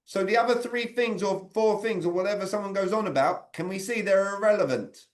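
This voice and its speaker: A man with a fairly high voice coaches a group over a video call. He keeps the talk conversational, stopping to put questions to people by name. His tone is that of an interactive training session on sales communication. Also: fairly quick.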